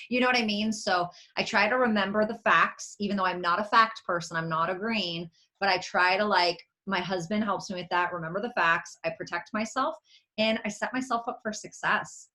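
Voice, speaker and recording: An animated woman giving a motivational talk on a video call, emphatic, acting out little quotes and laughing as she goes. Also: mid-range voice, normal speed. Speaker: network marketing leader speaking as a guest.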